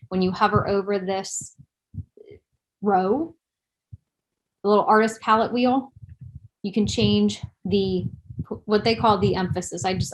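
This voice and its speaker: A woman's voice: medium pitch, poor audio. Chatty woman presenting a webinar. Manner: chatty, self-deprecating, thinks aloud while clicking. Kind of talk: live screen-share webinar tutorial.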